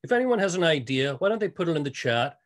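A man hosting an online interview in a relaxed way, reading out questions from the chat. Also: on the high side, fast talker. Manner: relaxed, reads audience questions aloud. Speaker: host.

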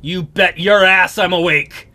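A man's voice: high-pitched, steady tone, measured pace, pushed and bright, soft background music, heavily acted. A man doing a brash, boastful Viking chieftain. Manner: swaggering, emphatic.

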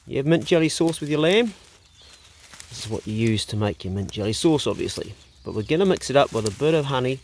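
A man with a New Zealand accent chatting casually as he films outdoors on a rural property with a handheld phone. He is laid-back and slangy and now and then talks to animals in a playful voice. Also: medium pitch. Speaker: outdoor food vlogger. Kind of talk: casual chat.

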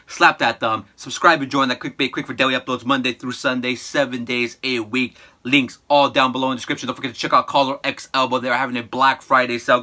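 A man hosting a reaction video. He talks excitedly and emotionally and keeps calling the viewers "my boys.". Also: medium pitch. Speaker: host of a reaction channel.

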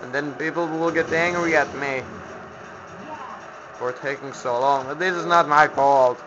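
A man's voice: a little high, fairly even intonation, measured pace. A man from Finland commentating a video game he plays, grumbling, sarcastic and swearing at the enemies. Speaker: gameplay commentator. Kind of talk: let's play commentary. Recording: lo-fi home mic with background noise.

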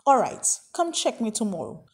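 A woman voicing a scruffy, protective homeless man who speaks bluntly and loudly. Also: on the high side, sing-song, moderate pace, breathy edge, full character voice. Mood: gruff.

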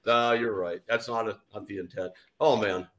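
A man co-hosting a podcast chats casually and agreeably. His voice is on the low side with a fairly bright tone, fairly even intonation, and a moderate pace.

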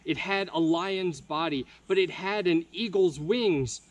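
A young man reading a picture book aloud at a virtual campfire, slow and expressive. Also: high voice, highs cut off. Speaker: camp counselor.

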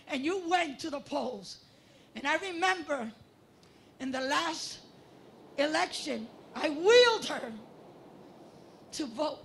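A woman union vice president giving an emotional rally speech outdoors, building to shouts. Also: very high voice. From Latino community, United States. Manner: passionate, rising to shouts. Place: outdoors at a voting line.

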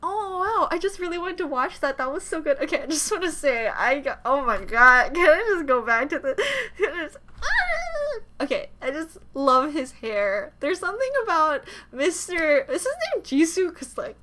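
A young woman reacting to a video at home, gushing and gasping, then dropping to soft murmurs as she thinks aloud. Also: high voice, animated, normal speed, hardly any pauses. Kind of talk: casual reaction commentary.

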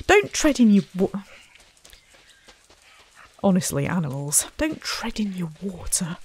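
A woman hosts a let's play of a zoo-building game, commenting casually in a chatty, self-mocking way and talking to the animals and visitors. Her lowish voice is mellow, husky and expressive, and she speaks a little slowly.

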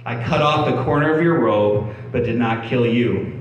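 In an echoey church hall, a pastor speaks at normal speed in a mid-range voice, reading scripture and explaining it in a conversational style that often restarts and repeats words. The lo-fi recording comes from a distant mic and carries a faint hum.

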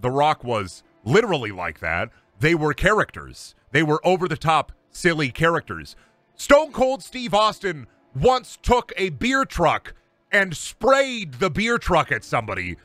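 A man's voice: a little high, sharp tone, no room sound. A man streaming a game and ranting casually about wrestling, heated, emphatic and profane. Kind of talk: casual rant while gaming on stream.

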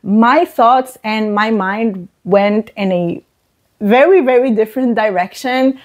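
A woman's voice: a little high, slow pace. A woman giving casual, emphatic book reviews to camera, often repeating words for stress.

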